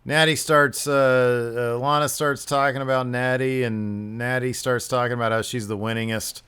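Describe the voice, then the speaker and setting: A man with a smooth, resonant voice chats casually as a podcast host. He retells what happened with animated energy and jumps into little quoted voices. His pitch sits in the middle of the range. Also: normal speed. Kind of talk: casual chat.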